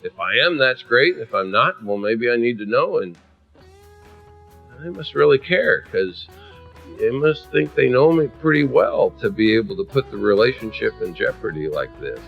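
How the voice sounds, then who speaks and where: A man's voice: mid-range voice, normal speed, vocal fry, narrow, tinny audio, faint music behind. A man preaching with humor, telling a story and acting out the voices of its people. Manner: animated, acts out voices, shifts from hushed to loud.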